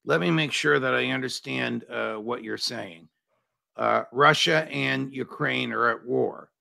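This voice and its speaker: A man hosting an interview, asking measured questions with hesitant fillers. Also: medium pitch, vocal fry, bright, forceful tone, no echo. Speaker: host.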